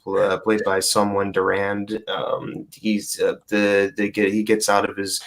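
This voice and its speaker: Young male co-host, lower pitch, exasperated, stammering rants full of curses. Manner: exasperated ranting, stumbling restarts, heavy swearing. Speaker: podcast co-host. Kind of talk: casual movie preview chat.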